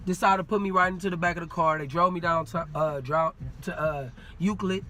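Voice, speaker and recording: A man telling a story in casual talk, animated and full of street slang, acting out what people said. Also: fairly high pitch, fairly quick, soft background music. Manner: animated, acts out quoted dialogue, street slang. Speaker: podcast guest.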